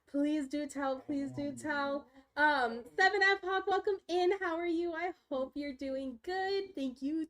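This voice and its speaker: High-voiced chatty woman streamer. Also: fairly bright tone. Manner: chatty, talks baby talk to her dogs. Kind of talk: casual live-stream chat. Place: home.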